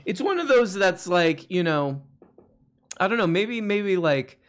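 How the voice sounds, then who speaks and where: A man's voice: sits high, big pitch swings, a little slow. A man hosting a casual call-in show, rambling and joking with plenty of fillers. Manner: rambling, jokey, many fillers. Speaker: show host. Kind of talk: casual livestream call-in chat.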